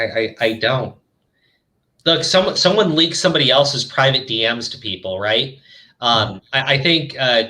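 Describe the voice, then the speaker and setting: A man's voice: medium pitch, pushed and bright. A man hosting a commentary show, ranting angrily and swearing heavily as he reacts to a video. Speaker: commentary channel host.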